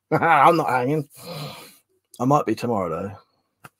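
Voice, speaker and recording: A man's voice: mid-range voice, expressive, slow, a bit bright, husky, dry recording. A man hosting a casual livestream, rambling and chatty as he reads out chat messages and swears offhand. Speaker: livestream host reading chat.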